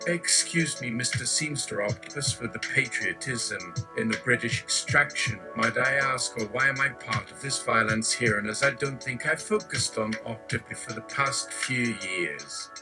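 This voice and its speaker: A man's voice: mid-range voice, expressive, normal speed, hardly any pauses, close to an everyday voice. Man doing a bewildered polite man, formal questions, music behind. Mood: puzzled.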